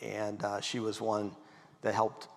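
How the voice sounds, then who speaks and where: A man's voice: on the low side, slow pace, gravelly. Man telling stories in an echoing hall. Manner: folksy, animated storytelling, acts out quotes. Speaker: guest speaker. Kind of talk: storytelling talk. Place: event hall. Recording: long hall reverb.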